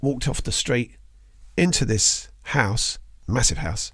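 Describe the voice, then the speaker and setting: A middle-aged man hosting a casual interview, telling lively stories, swearing casually and acting out the people in them. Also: mid-range voice, takes it slowly, breathy edge, no echo, clean studio sound. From England. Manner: animated storyteller, swears casually, acts out quoted voices. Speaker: podcast host.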